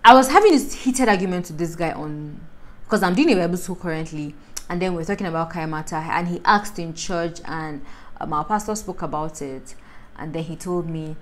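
A young woman with a Northern Nigerian accent speaks in a fairly low voice. She holds forth in an animated, preachy vlog and fires rhetorical questions at her viewers. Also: normal speed, rough recording. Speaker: lifestyle vlogger. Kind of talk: opinionated vlog monologue.

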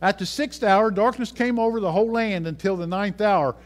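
A man's voice: high-pitched, brisk. A male pastor preaching a sermon, reading scripture aloud and repeating key phrases for emphasis.

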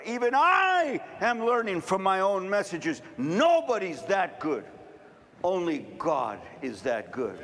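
A middle-aged man preaching a sermon, telling stories and building to fervent shouting. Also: high-pitched, big pitch swings, unhurried. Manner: storytelling, rising to fervent shouting.

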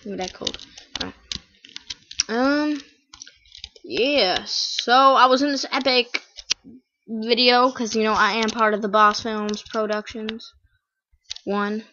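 Goofy bright-voiced female let's-player. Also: on the high side, slow, pauses often, a little hiss or hum. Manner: goofy, playful, repeats catchphrases. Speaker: gameplay channel host. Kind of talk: let's play commentary. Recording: dull lo-fi home mic.

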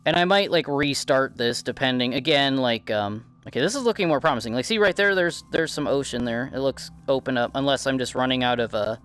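A man's voice: medium pitch, a little fast, hardly any pauses, a bit bright, clean tone. Rambling Midwestern man cursing through gameplay. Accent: Midwestern American. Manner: rambling, profane, self-deprecating. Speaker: gaming channel host.

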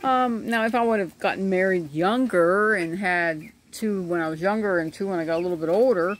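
Speaking fairly quickly in a fairly low voice, a middle-aged homesteading vlogger chats aimlessly and laughs often as she records her ducklings on a handheld phone. She's outside in a yard by the animal pens. Behind her come chirping ducklings, birds, and faint outdoor noise.

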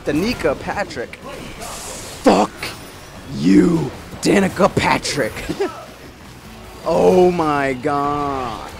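A man's voice: a little high, very slow, gravelly, pauses often. A man giving casual let's-play commentary, swearing and exasperated as he trash-talks rival racers. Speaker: gameplay commentator. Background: game music.

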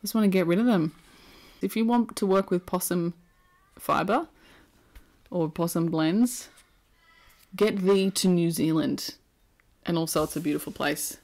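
Chatty Australian woman knitting vlogger. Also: lowish voice. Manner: chatty and playful, prone to silly asides. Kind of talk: casual chat.

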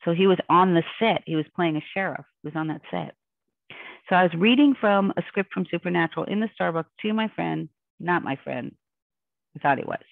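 Over a remote call with a dry, tinny phone-line sound, a woman guest on a podcast tells a personal story intensely, emotionally and with a lot of rambling. Her voice is lowish and gravelly, her pace brisk, with no room sound.

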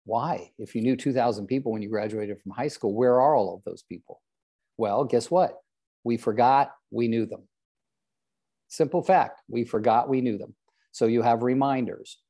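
A man's voice: mid-range voice, normal speed, dark tone. An older man coaching real estate agents in a live group session, joking at his own expense and calling on trainees by name. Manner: joking, self-deprecating, calls on trainees by name.

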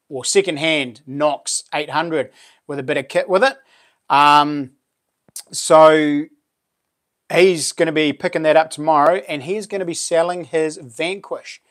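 A man with a New Zealand accent hosting a casual live stream, chatting loosely and thanking viewers for their support. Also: fairly high pitch. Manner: chatty, thanks viewers warmly, lots of fillers and laughs. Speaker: livestream host and knifemaker.

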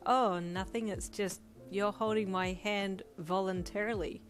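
A cheeky young heroine speaks high and playful, light and teasing, as a woman reads her. It is an audiobook fanfic reading with music behind. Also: animated, moderate pace, lightly acted.

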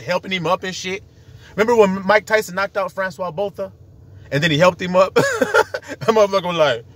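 A man's voice: sits high, a little fast, fairly bright tone, no echo. A man preaching in a casual, profane monologue, citing scripture in slangy street talk and laughing as he acts out what others say. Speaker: self-styled preacher.

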